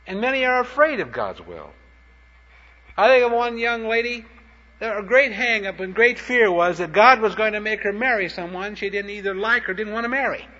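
A man's voice: high-pitched, animated, moderate pace, sharp tone. A man preaching a sermon, telling short anecdotes in a plain-spoken, punchy way. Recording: dull lo-fi recording.

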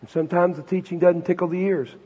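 A man preaches from the pulpit in a high, slightly raspy voice, leaning into rhetorical questions and emphatic punches. The recording is muffled and lo-fi. A long reverb trails off every phrase in the large church. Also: fairly even intonation, fast, mellow. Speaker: pastor. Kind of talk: sermon. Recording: dull, reverberant hall recording.

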